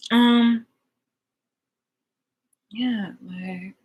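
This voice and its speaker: A woman ranting in a casual monologue, exasperated and profane, full of fillers, swinging between loud outbursts and low mutters. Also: steady tone, extremely slow, breathy edge.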